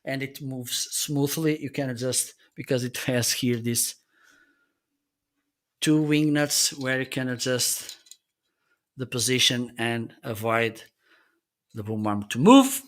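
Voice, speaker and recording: A man's voice: mid-range voice, fairly even intonation, slow, long pauses. A man hosting a livestream, casually demonstrating gear with explanations and frequent check-ins, using slightly non-native English phrasing. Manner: explanatory, often checks in with "okay". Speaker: livestream host reviewing gear.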